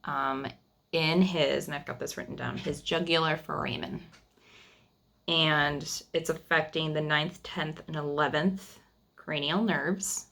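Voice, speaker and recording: A woman in her thirties recording a personal video diary at home, speaking in an emotional, halting way and often repeating phrases. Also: deep voice, steady tone, gravelly, fairly bright tone. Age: 30s. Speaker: vlogger sharing family news.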